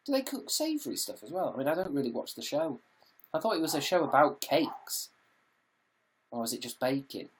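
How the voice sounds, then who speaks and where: A man's voice: medium pitch, big pitch swings, fairly quick, husky. A British man chatting casually on a live stream, reading out viewer comments and answering them in a jokey, sweary way from his home.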